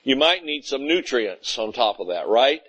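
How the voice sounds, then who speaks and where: A man's voice: mid-range voice, sing-song, moderate pace, a bit bright, slightly rough, poor audio. A man preaching a conversational sermon, often asking "Amen?" and acting out little scenes of everyday talk. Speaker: pastor.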